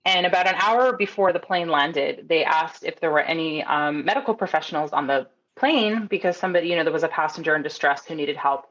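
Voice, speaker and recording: A woman's voice: deep voice, a little fast, hardly any pauses, lo-fi sound. A woman from Canada, a nurse coach, telling a story as a podcast guest and acting out the people in it. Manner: animated storyteller, acts out quotes, laughs often. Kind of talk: casual storytelling interview.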